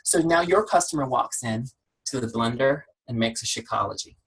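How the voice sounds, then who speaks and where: A man leading a team training call on a video call, energetic and conversational, peppering his talk with rhetorical questions. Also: medium pitch, moderate pace, breathy edge, low-quality recording. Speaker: network marketing trainer. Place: home office shed.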